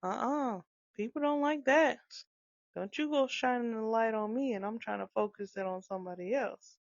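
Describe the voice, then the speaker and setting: Woman chatting about parenting, gravelly voice, acts out little quotes, kinda dull dry recording. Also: fairly high pitch, normal speed, dry recording. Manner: animated, acts out quoted dialogue, frequent laughs. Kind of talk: casual monologue on parenting. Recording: dull, dry close-mic sound.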